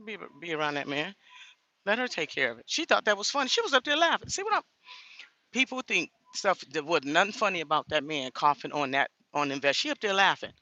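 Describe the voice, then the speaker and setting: A woman's voice: fairly low pitch, sing-song, a little fast, bright, forceful tone, no room sound. A woman talking straight to her viewers in a casual vlog, blunt and indignant. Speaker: vlogger.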